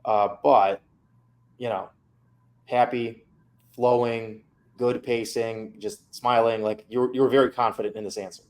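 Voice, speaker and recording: A man's voice: medium pitch, little pitch movement, a little slow, a little mellow. A man coaching a student through feedback on her mock interview, candid and casual.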